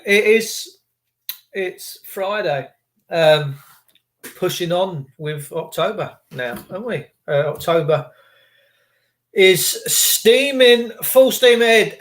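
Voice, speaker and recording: A rambling, chatty man with a high-pitched voice, hosting a casual live stream. He talks loosely and teasingly, greeting his viewers one by one. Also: a bit bright. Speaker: livestream host.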